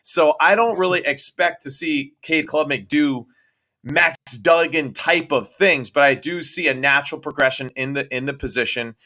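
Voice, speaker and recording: Bright-voiced former quarterback, folksy talk. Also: male voice, fairly high pitch, moderate pace. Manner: colloquial, repeats words, asks rhetorical questions. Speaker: former quarterback turned analyst. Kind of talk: casual sports debate.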